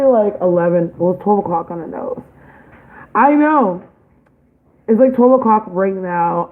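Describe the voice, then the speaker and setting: A young woman and parent chatting casually in a home vlog, loose and profane, with lots of "like". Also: fairly low pitch. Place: home kitchen. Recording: tinny phone-like sound in an echoey room.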